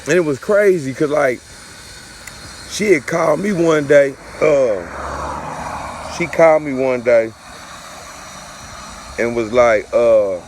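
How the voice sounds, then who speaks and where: A man's voice: medium pitch, slow pace, long pauses, noisy background. A father telling a personal story in a casual, profane, repetitive way, looping back over the same phrases.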